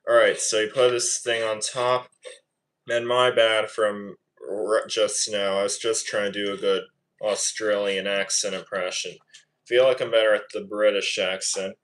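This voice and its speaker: A man talks into his phone camera in his home kitchen, his voice sitting on the low side. He speaks slowly and loosely, drifting between asides and repeating himself in a casual livestream ramble. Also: little pitch movement, fairly bright tone, rough recording. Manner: rambling, repeats phrases, self-conscious asides. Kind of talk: casual livestream chat while cooking.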